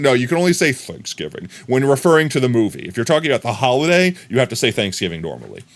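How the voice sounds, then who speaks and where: Male streamer, goofy rambling chatter, bouncy animated pitch, faint hiss behind. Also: quick pace. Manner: goofy, rambling riffing on silly words. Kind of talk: casual live-stream chatter while gaming.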